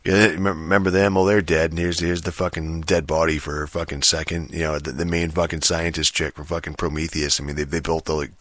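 A man's voice: rumbling low, little pitch movement, brisk, few pauses, a bit bright, no echo. A man talking on his own in a rambling, profane casual rant, full of fillers and restarts. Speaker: solo commentator on movies and games.

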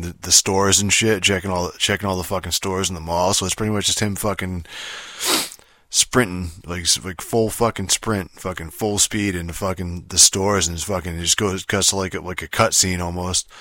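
Deep-voiced man rambling with constant swearing. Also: steady tone, normal speed, sharp tone, no room sound, clean studio sound. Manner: rambling, heavy swearing, many fillers and restarts. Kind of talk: casual storytelling about a video game.

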